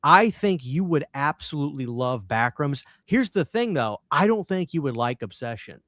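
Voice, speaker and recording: Chatty dude co-hosting a stream, kinda high voice, jumps in a lot. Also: male voice, normal speed, dry recording, studio quality. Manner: animated, chatty, talks over others. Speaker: podcast co-host. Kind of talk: casual live-stream chat.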